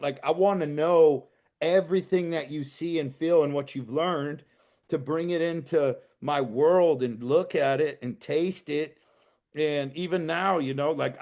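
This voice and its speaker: A man's voice: on the high side, a little mellow. Fervent man, a podcast guest. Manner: impassioned, swears freely, rising to emphatic outbursts. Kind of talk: casual podcast chat.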